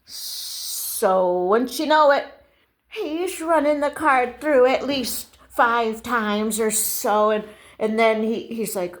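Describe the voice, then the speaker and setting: An older woman telling a casual rambling story to camera, halting and restarting often. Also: fairly high pitch. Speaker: vlogger.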